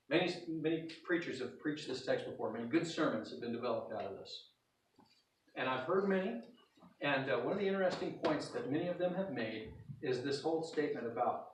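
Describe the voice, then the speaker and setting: A man's voice: medium pitch, lively intonation, brisk, slight background noise. A pastor from North Idaho giving a sermon in a folksy storytelling way, acting out the scenes he describes. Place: church sanctuary. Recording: roomy hall, voice from a distance.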